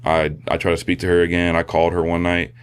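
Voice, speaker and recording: A man, a podcast guest, sharing a personal testimony in a halting, soft-spoken way with many fillers and restarts. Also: low-pitched, completely flat delivery, clear, resonant tone. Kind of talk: personal testimony in casual conversation.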